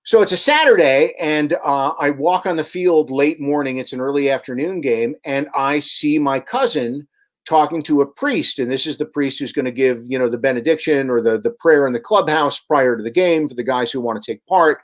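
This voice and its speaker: A man, a radio host and author, guesting on a radio show and telling long, animated anecdotes with many restarts. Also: medium pitch, moderate pace. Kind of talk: storytelling in a radio interview.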